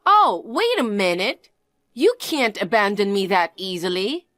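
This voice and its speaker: A woman's voice: mid-range voice, big pitch swings, measured pace, fairly bright tone, no room sound, clean studio sound. A woman voicing a spoiled young niece who stole her aunt's husband, talking in a sneering, sing-song, teasing way in a scripted dialogue drama. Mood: whiny, smug.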